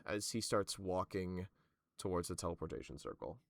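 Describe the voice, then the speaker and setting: Man game master, loose narration, lots of fillers, low voice, dry close sound. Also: moderate pace, creaky, no echo.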